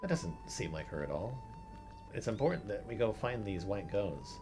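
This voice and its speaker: A man's voice: fairly low pitch, very animated, moderate pace. A man streaming a video game, chatting casually, laughing often and swearing now and then. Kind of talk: casual gameplay commentary. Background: game music.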